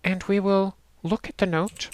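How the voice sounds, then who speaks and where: A woman narrating a game walkthrough in a steady, instructional way, talking the player through each step. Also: medium pitch, measured pace. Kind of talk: casual let's-play walkthrough narration.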